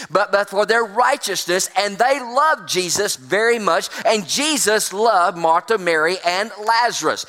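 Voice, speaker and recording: Guy preaching in a church, high bright voice, folksy and drawn out, long echo. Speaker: pastor. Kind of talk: sermon. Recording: long hall reverb.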